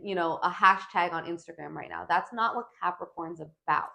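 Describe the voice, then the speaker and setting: A woman astrologer talking through a weekly forecast to her viewers, animated and emphatic, often checking in with a quick "right?". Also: fairly low pitch, gravelly.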